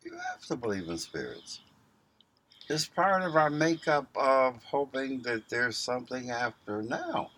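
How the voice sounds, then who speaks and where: A man co-hosting a casual podcast, teasing and cutting in with quick quips. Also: mid-range voice, big pitch swings, a bit bright. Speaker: podcast co-host.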